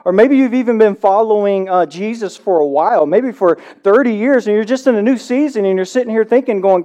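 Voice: mid-range voice, fairly quick, hardly any pauses, dark tone. A young adult pastor preaching a sermon in a conversational way, often checking in with the congregation. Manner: conversational preaching with frequent "right?" tags.

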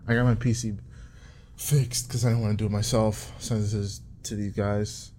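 A man's voice: on the low side, little pitch movement, normal speed, darkish tone, a little hiss or hum. A young man rambling casually and profanely, joking and laughing at his own bits.

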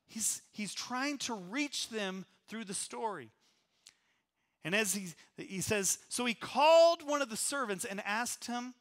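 A man's voice: sits high, a bit bright. A man preaching a sermon in a church, conversational, often restarting phrases and letting his voice fall away at the ends of lines. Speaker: pastor.

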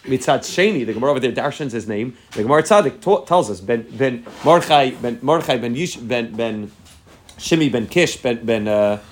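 A man delivers a Purim Torah class at a brisk, rushing pace. He is earnest, circling back and restarting phrases as he builds each point. His voice sits at an ordinary male pitch. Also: lively intonation, slight background noise. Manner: earnest, rapid-fire teaching with frequent repeats and restarts. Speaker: rabbi giving a Torah class.

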